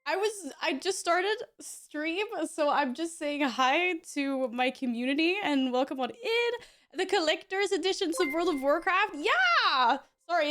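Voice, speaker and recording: A woman streamer chatting casually with her audience, bubbly and apologetic with frequent giggles. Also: high-pitched. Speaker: live streamer.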